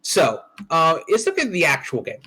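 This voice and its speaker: A man running a tabletop roleplaying session as its game master, speaking in a slightly higher register than most men. He talks casually and bluntly, with frequent swearing, as he works through the rules and hands out experience points. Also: wildly swooping pitch, moderate pace, sharp tone, husky, low-quality recording.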